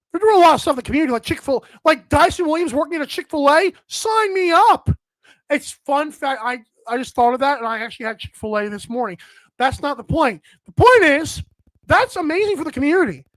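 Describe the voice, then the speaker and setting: A high-voiced woman hosts a sports talk show in a rambling, exasperated rant full of fillers. The sound is close and dry, with no room echo. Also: fairly bright tone. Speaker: sports podcast host.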